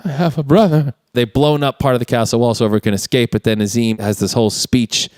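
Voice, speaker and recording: A man co-hosting a casual podcast, retelling movie scenes and jumping into quick character voices. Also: medium pitch, darkish tone, clean tone, no echo, clean studio sound. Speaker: podcast co-host. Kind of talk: casual movie recap chat.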